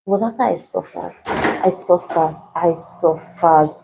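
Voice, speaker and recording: A woman teaching a live baking class, telling her story in an animated, dramatic way with playful asides. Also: on the low side, slow pace, gravelly, background noise. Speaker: baking instructor.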